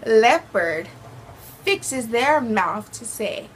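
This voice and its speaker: Animated teen girl telling a story. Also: on the high side, slow, slight background noise, poor audio. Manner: animated, dramatic retelling with quoted voices. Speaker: vlogger. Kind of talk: casual storytime vlog.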